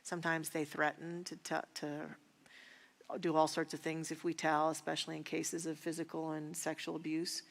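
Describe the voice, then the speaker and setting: A woman's voice: deep voice, completely flat delivery, gravelly. Earnest woman teaching in a reverberant hall. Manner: earnest, personal, unhurried. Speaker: minister teaching a prosperity class. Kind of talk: spiritual teaching talk. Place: church sanctuary.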